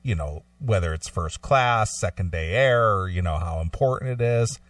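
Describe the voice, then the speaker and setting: A man's voice: low-pitched, animated, moderate pace, a bit bright, dry recording. Rambling man telling stories, mic far off. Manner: rambling anecdotal storytelling with profanity. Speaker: radio show co-host. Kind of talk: casual podcast chat.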